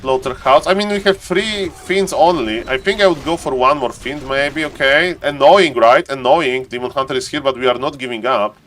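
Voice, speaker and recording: A young man streaming and commenting on a strategy game replay, excitable, talking to chat in non-native English and tripping over words. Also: medium pitch, normal speed, few pauses, a little hiss or hum. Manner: excitable, talks to chat, keeps saying "ladies and gentlemen".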